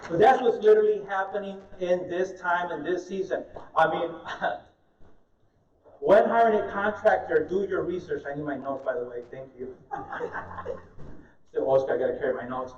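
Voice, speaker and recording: A high-voiced man tells animated stories and jokes with an audience during a live meetup talk. He sounds distant and muffled, picked up across an echoey meeting room. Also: normal speed, long pauses, slight background noise. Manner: animated storyteller, joking with the audience. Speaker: speaker at an investor meetup.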